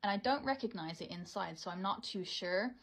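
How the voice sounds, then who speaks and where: A woman's voice: medium pitch, fairly quick, rough recording. A woman in her thirties telling a personal story to camera in a casual, rambling way, often cutting herself off. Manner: excitable, rambling, self-interrupting. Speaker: storytime creator.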